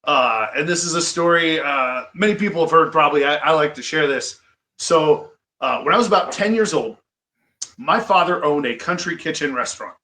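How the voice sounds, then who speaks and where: A middle-aged man from the American Midwest tells stories as a guest, lively and eager. His voice is bright and forceful, sitting a bit high. The studio around him rings with echo. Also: moderate pace. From Iowa, US Midwest. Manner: animated, breaks into excited fanboy quotes. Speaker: guest wrestler. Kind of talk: storytelling interview. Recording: echoey studio room.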